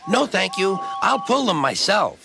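A kind old engine from a storybook, as a man puts him on, cheering a friend along in a gentle, raised voice. Music plays behind. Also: high voice, sing-song, a little slow, gravelly, voice pushed up, heavily acted. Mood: encouraging. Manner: encouraging.

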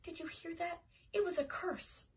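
A woman's voice: sits high, sing-song, a little slow, a bit bright, pitched above the performer's own voice, exaggerated voice. A woman voicing an anxious little girl who talks in a fretful, insistent way.

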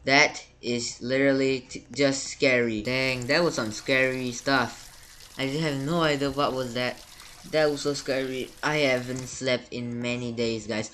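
A man's voice: medium pitch, fairly even intonation, normal speed, a bit bright, slight background noise. A man giving gameplay commentary as a YouTuber, panicky and stammering, repeating words over and over. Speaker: gaming YouTuber.

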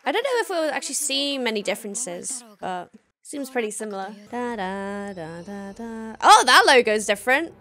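Excitable woman reacting to a show. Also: on the high side, normal speed. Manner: emotional, gushing, exclaims and laughs often. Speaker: reaction video host. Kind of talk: casual reaction commentary.

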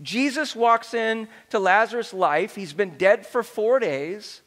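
A middle-aged male pastor preaching a sermon to his congregation, animated and joking, getting the crowd to respond. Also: sits high, measured pace. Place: large church hall. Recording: reverberant church hall.

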